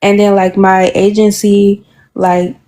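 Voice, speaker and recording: A woman's voice: medium pitch, level tone, slow pace, warm tone. A young woman with a Chicago accent, chatting casually and rambling with many fillers as a guest. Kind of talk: casual chat.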